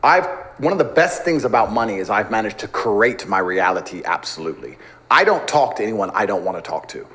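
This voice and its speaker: A man's voice: on the low side, lively intonation, a little fast, fairly bright tone. A man in his thirties speaking as a podcast guest, brash and emphatic, boasting and laughing often in casual interview talk.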